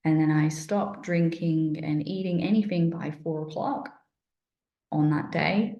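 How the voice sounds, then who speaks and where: A woman's voice: deep voice, a little slow, warm tone, reverberant. A middle-aged woman casually recounting a personal experience, chatty and rambling, with many fillers and restarts, sounding thirsty and dry-mouthed. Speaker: wellness vlogger.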